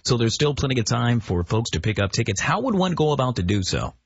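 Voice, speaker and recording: A man's voice: medium pitch, fast, husky, no room sound. A man hosting a radio show, interviewing guests and signing off with upbeat promotion. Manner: upbeat, promotional, lively delivery. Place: radio studio. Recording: dull lo-fi radio broadcast audio.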